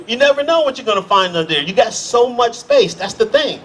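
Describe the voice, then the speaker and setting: A middle-aged American man doing a stand-up comedy set, telling stories and jumping into quick character voices. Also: extremely high pitch, lively intonation, a bit bright. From United States. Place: comedy stage.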